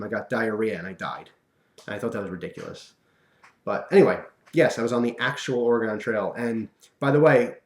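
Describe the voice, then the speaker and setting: A man's voice: mid-range voice, reverberant. Rambling young man telling a story. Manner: animated, rambling, with fillers. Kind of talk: casual storytelling vlog.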